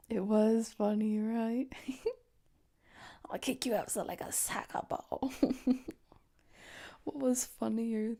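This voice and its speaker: Gravelly half-whispering young woman streamer. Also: high-pitched, dark tone. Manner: playful, teasing, laughs often. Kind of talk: casual chat, often whispered.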